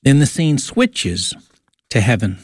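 A man's voice: medium pitch, sing-song, slow pace, husky, no room sound, clean studio sound. A man telling a religious story in earnest, devotional narration.

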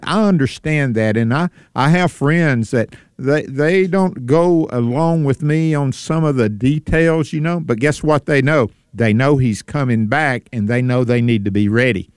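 Earnest guy on faith radio, smooth clear voice, dry close mic. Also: medium pitch, dry recording. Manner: earnest, emphatic. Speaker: radio co-host. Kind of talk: casual radio conversation.

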